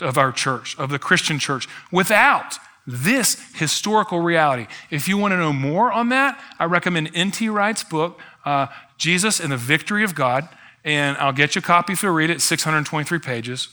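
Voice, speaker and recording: A man's voice: on the high side, lively intonation, moderate pace, pushed and bright. A male pastor delivering a sermon in a conversational style, with rhetorical asides and emphatic build-ups.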